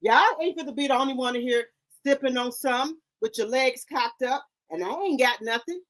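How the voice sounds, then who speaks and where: A woman's voice: high-pitched, a little fast, fairly bright tone. A woman hosting a casual livestream, chatting straight to her viewers in the chat. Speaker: livestream host. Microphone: headset or desk microphone.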